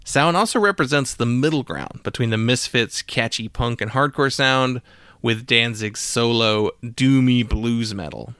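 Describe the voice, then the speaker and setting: A man's voice: mid-range voice, a little slow, fairly bright tone, clear, resonant tone, no room sound. A man hosting a podcast, talking casually about old records with lots of fillers and loose asides. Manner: casual, rambling with frequent fillers. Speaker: podcast host. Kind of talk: solo music podcast monologue.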